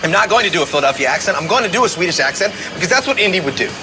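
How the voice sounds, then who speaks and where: Brief: man as goofy heist schemer, lively silly voice, heard over stadium speakers. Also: high-pitched, very fast, music in the background. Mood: insistent.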